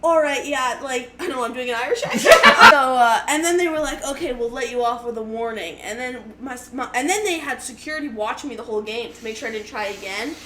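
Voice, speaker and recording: A woman's voice: a little high, fast, hardly any pauses. A young woman comedian telling a story casually, rambling and laughing with lots of fillers and swearing. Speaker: comedian guest. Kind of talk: casual storytelling on a live show. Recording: echoey room with noise.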